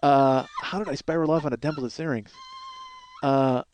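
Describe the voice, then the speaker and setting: A man's voice: mid-range voice, steady tone, moderate pace, darkish tone, soft background music. A middle-aged man telling a rambling, self-mocking comic story as a podcast host. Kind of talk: casual comedic monologue.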